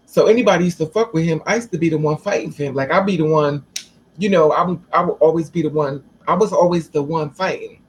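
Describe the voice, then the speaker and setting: A woman telling a personal story to camera in a blunt, profane, animated way. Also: sits low, fast, slightly rough, rough recording. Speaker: vlogger.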